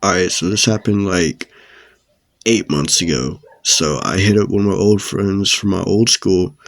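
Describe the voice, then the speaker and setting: A man's voice: low voice, fairly even intonation, a little slow, gravelly, no echo, clean studio sound. A young man telling a story in a casual, slangy, profane way. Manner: laid-back, slangy and profane. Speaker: storyteller vlogger.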